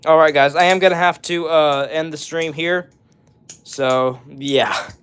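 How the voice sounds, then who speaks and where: Young man, livestream host, casual chat, slightly high voice, smooth clean tone. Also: fairly even intonation, measured pace, fairly bright tone. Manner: laid-back, answers chat and breaks into short song bits. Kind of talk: casual livestream chat, reading comments and singing snippets.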